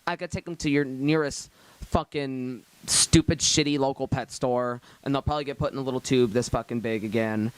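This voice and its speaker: A young man co-hosting a podcast rambles through a story in casual conversation, swearing and laughing often. His voice is smooth and mid-range.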